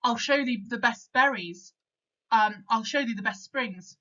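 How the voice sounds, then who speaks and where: A woman's voice: a little high, unhurried, bright, forceful tone, dull audio. A woman reading as Caliban, awestruck island monster. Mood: eager. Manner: plain reading aloud of verse.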